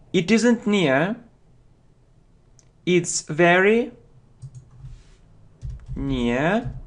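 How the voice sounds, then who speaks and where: A man giving an English vocabulary lesson, drawing each word out very slowly and saying it twice so learners can follow. His voice sits a little high for a man. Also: a bit bright. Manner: slow, deliberate, repeats words for learners. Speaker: English teacher. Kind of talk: slow vocabulary lesson with drills.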